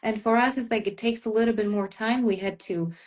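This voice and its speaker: A woman with a somewhat high voice, interviewing in a relaxed chat. She chimes in eagerly and often, with frequent mm-hmms and yeahs. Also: brisk. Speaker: English teacher, interviewer. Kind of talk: casual conversation.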